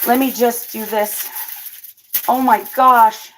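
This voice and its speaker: A woman hosting her own cooking vlog, chatting casually with viewers, excitable and always exclaiming and laughing. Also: a little high, takes it slowly, slight background noise. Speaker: cooking vlogger and channel host.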